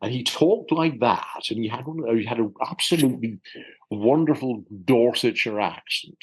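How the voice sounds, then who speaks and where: A man from South London with a somewhat low voice talks as a guest in a relaxed interview. His speech is thoughtful and chatty, with frequent small restarts as he reaches for words. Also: low-quality recording. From South London, England. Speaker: voice actor guest. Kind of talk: casual interview chat.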